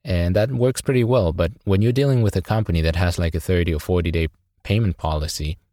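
A man's voice: low voice, quick pace, warm tone, dry recording. A man whose first language is not English, asking a question in a polite, hesitant way with many fillers. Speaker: caller. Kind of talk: recorded audio question. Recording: dry clean home recording.

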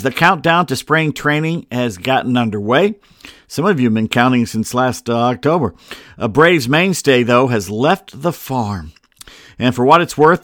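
A man's voice: mid-range voice, fairly bright tone, no room sound, studio quality. A middle-aged man hosting a casual sports podcast from a home setup, talking in a rambling, wry way with self-deprecating asides. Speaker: podcast host.

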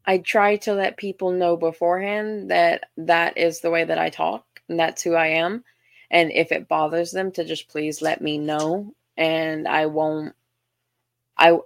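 Chatty Southern woman with a gravelly edge. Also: on the low side, no room sound, studio quality. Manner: chatty, self-deprecating, frequent restarts and ums. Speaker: podcast host. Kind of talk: casual storytelling monologue.

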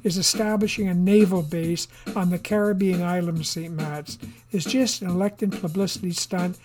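A reader voicing a male television reporter asking pointed, measured questions. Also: medium pitch, steady tone, a little mellow, soft background music, natural voice. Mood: probing.

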